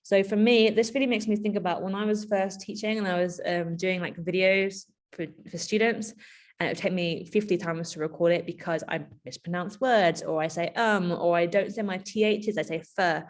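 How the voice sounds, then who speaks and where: Woman talking to teachers, kinda low voice, chatty, lots of ums and asides. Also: normal speed. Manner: chatty and animated, with frequent asides and fillers. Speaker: educator giving a keynote. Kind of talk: conversational presentation.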